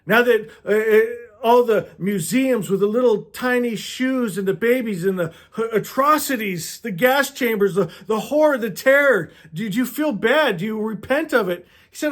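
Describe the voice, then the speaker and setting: A man's voice: sits high, animated, moderate pace, few pauses. A man giving an impassioned preaching monologue as a spiritual speaker, stammering and restarting often and firing off rhetorical questions.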